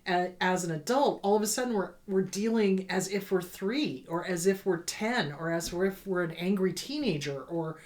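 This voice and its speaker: A woman's voice: on the low side, normal speed, hardly any pauses, a little mellow. A woman therapist hosting an advice show, talking through viewer letters in an earnest, conversational way and repeating words for emphasis. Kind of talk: casual advice talk answering viewer letters.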